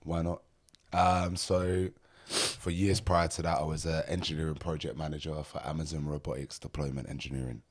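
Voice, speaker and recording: A man's voice: very deep voice, level tone, normal speed. A man in his thirties from North London with a London accent, a podcast guest speaking emphatically and casually, peppering his talk with street slang. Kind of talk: casual conversation.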